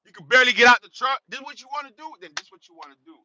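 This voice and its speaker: A man who drives a truck, talking bluntly and casually in a streetwise way, swearing freely as he films from the cab on the highway. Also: racing, sharp tone, slight background noise. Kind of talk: casual vlog while driving. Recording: dull lo-fi sound.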